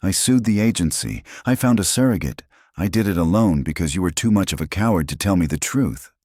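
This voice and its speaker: A man's voice: low voice, lively intonation, brisk, darkish tone, breathy edge, no echo, studio quality, voice pushed up. A man voicing a hurt, angry young mother of triplets who speaks sharply and bitterly. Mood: accusing.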